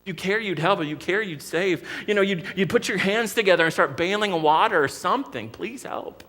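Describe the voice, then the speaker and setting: A man's voice: high voice, a little fast, fairly bright tone. An American man preaching a sermon as pastor, earnest and vivid, often restarting his sentences.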